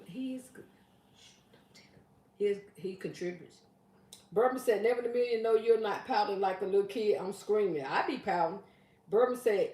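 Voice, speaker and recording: A playful woman chats on her livestream, reading viewer comments aloud and teasing her regulars. Her voice sits at an ordinary middle pitch. It echoes around the room because she is some way from the mic. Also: dark tone. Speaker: livestream host. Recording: roomy, mic at a distance.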